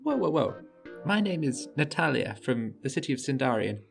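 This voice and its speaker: A woman's voice: rumbling low, big pitch swings, moderate pace, vocal fry, faint music behind, full character voice. A woman voicing a proud female adventurer who insists on leading the band.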